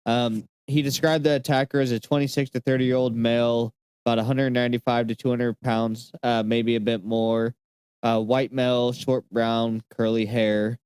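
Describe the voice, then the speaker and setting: A man talks through a case on a casual podcast, pausing often on fillers as he reads from his notes. His voice is smooth and resonant. The sound is dry and close, with no room around it. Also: mid-range voice, little pitch movement, darkish tone, no room sound. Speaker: podcast host.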